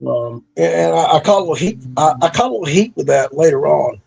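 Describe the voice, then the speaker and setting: A man's voice: a little high, expressive, fast, creaky, darkish tone, slightly rough. A middle-aged man, a former pro wrestler, telling stories from his career in a laid-back, profane way, with lots of fillers. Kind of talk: casual storytelling interview.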